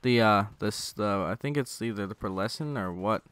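A young man riffing his way through a gameplay session, rambling and cursing and heckling whoever is on screen. His voice sits fairly low and comes through smooth and clean on a headset mic. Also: normal speed, a bit bright, no echo. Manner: rambling, joking, swearing, talking to enemies. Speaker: gaming channel host. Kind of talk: casual gameplay commentary. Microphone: gaming headset.

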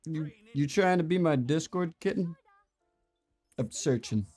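A man goofing around in online voice chat while gaming, teasing and playful, breaking into sudden squeals and shouts. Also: fairly high pitch, expressive, measured pace, husky, faint music behind. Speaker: gamer and video host.

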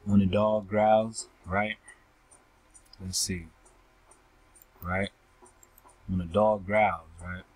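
Man teaching scripture, slow delivery, husky low voice, keeps asking "right?". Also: level tone, rough recording. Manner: ends almost every phrase with a questioning "right?"; slow, repetitive, addresses listeners as family. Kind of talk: reading and explaining scripture verses.

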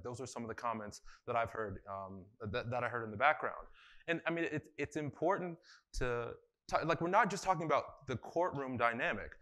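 A man's voice: mid-range voice, lively intonation, brisk, pushed and bright. A man facilitating a conference workshop, talking casually with many fillers and putting questions to the audience in a conference room.

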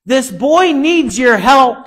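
A man's voice: extremely high pitch, very animated, slow pace, fairly bright tone, breathy edge, heavily acted. A pastor voicing a desperate father who pleads and cries out for help for his sick son. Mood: pleading. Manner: pleading, crying out.

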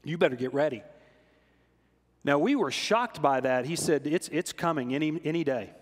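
A man preaching from the pulpit in a church sanctuary, his voice sitting fairly high. He tells stories animatedly, climbing for emphasis and dropping soft for solemn moments. A long hall reverb trails behind his words. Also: lively intonation, normal speed. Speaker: pastor. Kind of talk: sermon storytelling.

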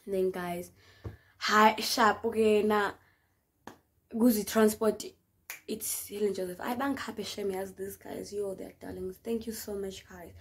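A young South African woman telling a dramatic story in a casual vlog, with slang and an animated manner. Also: medium pitch. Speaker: vlogger.

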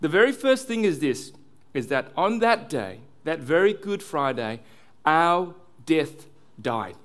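A male pastor delivering a sermon, earnest, dropping low and soft on key words. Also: big pitch swings, slow.

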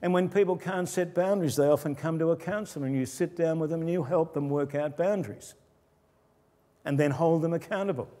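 Older male pastor, mellow tone, relaxed conversational sermon with quiet asides, long church reverb. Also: brisk. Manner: conversational preaching, lowering his voice for quoted asides.

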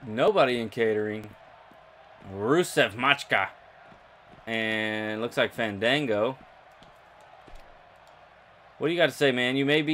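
A young man commentating his own video game playthrough, excitable and jokey, talking to his viewers. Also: medium pitch, a little hiss or hum. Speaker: gaming YouTuber. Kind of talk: let's play commentary.

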